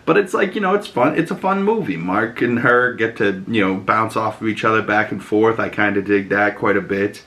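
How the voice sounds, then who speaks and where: A man's voice: fairly low pitch, normal speed, few pauses, fairly bright tone. A man, talking through a movie review in a chatty, enthusiastic vlog style, full of "you know" and casual swearing. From Boston. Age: 20s.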